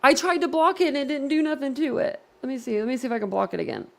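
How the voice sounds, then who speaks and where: A woman hosts a casual livestream and chats straight to her viewers at her desk mic. Her voice sits a little high with a gravelly fry, and she giggles and gets flustered easily. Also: lively intonation, very fast. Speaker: livestream host.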